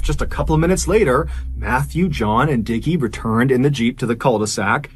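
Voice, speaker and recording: A man's voice: medium pitch, slight background noise. A man telling a true crime story in a conversational, emphatic way.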